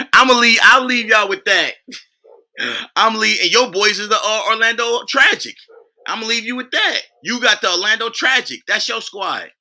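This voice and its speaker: A man's voice: high voice, lively intonation, normal speed, pushed and bright. A man vlogging about basketball in a loose, casual way, full of fillers and boastful trash talk. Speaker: sports vlogger.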